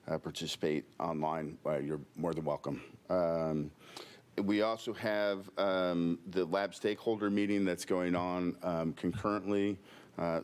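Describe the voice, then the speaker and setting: A man's voice: sits low, a little mellow, smooth. A middle-aged man giving folksy, filler-heavy announcements at a work meeting, with corny jokes. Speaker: agency staff presenter.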